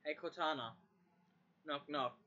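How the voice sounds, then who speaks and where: A person testing a voice assistant chats casually at the device, repeating commands and muttering curses. The voice is medium-pitched and sharp-toned, with a measured pace. Sound quality is dull and lo-fi, and the speaker is away from the mic.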